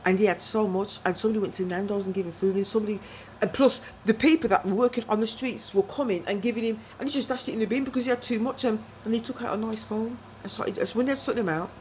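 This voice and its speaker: A woman's voice: medium pitch, darkish tone, rough recording. A middle-aged woman talks straight to camera in a loose, wandering monologue. She keeps drifting between stories and checking in with the listener, her voice in an ordinary middle range. A faint hum of background noise sits under the recording. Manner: chatty, digressive, keeps asking "you know what I mean?". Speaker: vlogger. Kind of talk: rambling personal monologue to camera.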